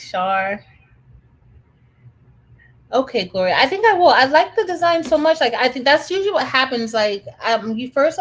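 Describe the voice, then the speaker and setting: A woman's voice: medium pitch, rough recording. A woman chats through a casual craft livestream from her home craft room. She speaks enthusiastically, with many fillers and restarts, and calls her viewers y'all.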